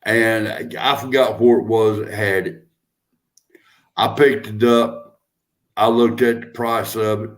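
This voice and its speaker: A man's voice: fairly low pitch, level tone, takes it slowly. An older man chatting casually as a host, telling stories in a folksy, drawling way. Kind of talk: casual chat.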